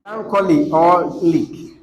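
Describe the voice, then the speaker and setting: Slow high-voiced Nigerian teacher. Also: male voice, muffled recording. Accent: Nigerian English. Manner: dictates rules slowly and repeats them, quizzing students. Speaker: English teacher. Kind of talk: classroom lesson. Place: classroom with students.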